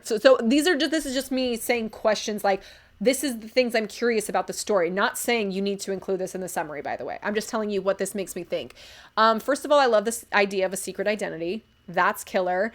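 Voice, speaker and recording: A woman's voice: mid-range voice, lively intonation, a little fast. A young woman reviewing stories live, talking casually and enthusiastically with lots of fillers and asides. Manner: gushing, enthusiastic, chatty with many fillers. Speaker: livestream book reviewer. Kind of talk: casual live-stream commentary.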